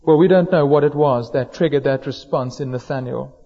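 A man preaches a sermon in a church hall, his mellow voice trailing off into a long reverb. The recording is dull and lo-fi. He talks in a measured way, slowing down to stress key words. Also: medium pitch. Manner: measured, slows down for emphasis on quoted words.

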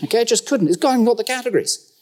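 Lively preacher with wry humour. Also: male voice, very high voice, very fast. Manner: lively, conversational preaching with humorous asides and rhetorical questions. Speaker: pastor. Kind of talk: sermon.

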